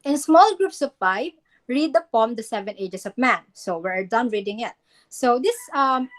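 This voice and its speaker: Woman teacher modeling word pronunciation. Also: on the high side. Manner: instructive, repeats words to model pronunciation. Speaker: English teacher. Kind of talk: classroom lesson on poem reading and pronunciation.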